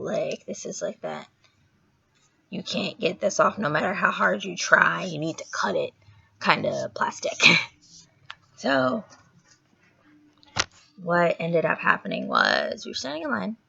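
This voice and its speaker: Gravelly young woman telling a story. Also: fairly low pitch. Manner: chatty, filler-heavy, animated retelling. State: sore throat. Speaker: vlogger. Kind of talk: casual storytelling vlog. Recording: dull lo-fi recording.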